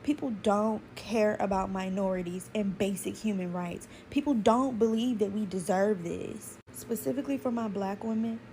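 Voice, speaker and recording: A woman's voice: mid-range voice, creaky, a little mellow, slight background noise. A woman speaking in an earnest, pleading monologue while holding back tears. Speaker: vlogger.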